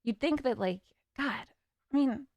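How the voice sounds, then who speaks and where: A young woman streamer ranting casually, frustrated and swearing with nervous laughs, her voice a little raspy from talking. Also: sits high, measured pace, a little mellow, no room sound.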